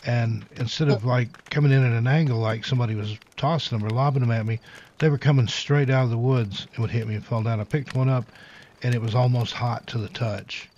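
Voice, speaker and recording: Man, gravelly voice, relaxed rambling host, lo-fi audio. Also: mid-range voice, brisk. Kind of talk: casual spoken story. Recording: dull lo-fi audio with faint hiss.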